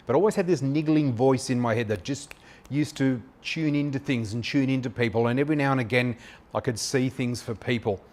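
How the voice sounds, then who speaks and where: Chatty Australian man in his fifties. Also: mid-range voice. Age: 50s. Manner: chatty and anecdotal, many filler pauses. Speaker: psychic flower reader. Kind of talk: personal storytelling monologue.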